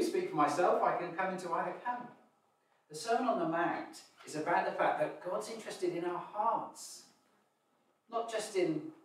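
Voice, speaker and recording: A man preaching a sermon, acting out voices in his stories. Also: on the high side. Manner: animated, acts out children's whiny voices. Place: church hall. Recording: echoey hall, distant mic, faint noise.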